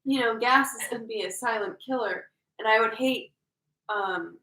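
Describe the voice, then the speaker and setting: A woman's voice: on the high side, normal speed, pushed and bright, far from the mic. A woman co-hosting a casual chat, telling stories and laughing through her words. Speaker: podcast co-host. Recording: echoey room, a bit off-mic.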